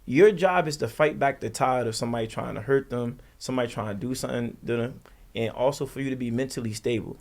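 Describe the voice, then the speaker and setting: A man's voice: mid-range voice, quick pace, creaky, a little mellow. A middle-aged man in casual podcast talk, telling a personal story earnestly in plain street slang.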